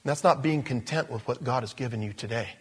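A man's voice: medium pitch, brisk, breathy edge. An older man preaching a sermon in a church, telling stories and joking with the congregation. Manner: animated, storytelling, joking with the congregation. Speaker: pastor.

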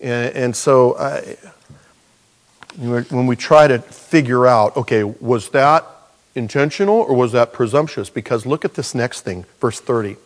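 A man's voice: medium pitch, measured pace. A man preaching a sermon in a conversational, rambling way, full of restarts and asides. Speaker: pastor.

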